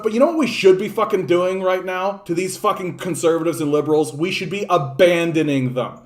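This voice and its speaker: Man, higher-pitched voice, profane political rant, exasperated and sneering. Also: fairly quick, hardly any pauses. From Canada. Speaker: political commentator.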